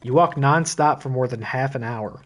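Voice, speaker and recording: A man's voice: medium pitch, normal speed. A man streaming a horror visual novel, reading the text aloud and breaking off into joking asides.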